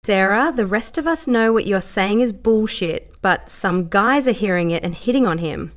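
A woman's voice: mid-range voice, lively intonation, moderate pace, close to an everyday voice. A woman voicing a level-headed young dancer, dry and sometimes sarcastic. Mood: firm.

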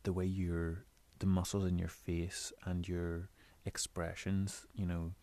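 A man in his bedroom giving casual spoken tips on voice recording, explaining in a relaxed, rambling way. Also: deep voice, slow pace. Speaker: audio creator giving tips. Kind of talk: casual instructional talk.

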